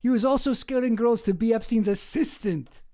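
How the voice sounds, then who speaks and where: A man's voice: very high-pitched, moderate pace, warm tone. A man hosting casual online commentary, wry and sarcastic as he reads through documents.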